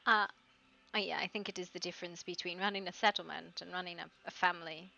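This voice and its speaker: A woman's voice: fairly low pitch, fairly even intonation, fast talker, creaky, bright, forceful tone, muffled recording. A woman streamer chatting in character during a live roleplay, playful and often laughing.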